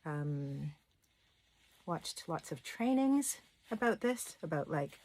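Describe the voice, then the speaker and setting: A woman's voice: deep voice, big pitch swings, slow, a little mellow. A woman talking to camera in a candid, rambling personal vlog, sharing stories with open emotion. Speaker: self-love coach and channel host. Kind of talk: casual personal vlog monologue.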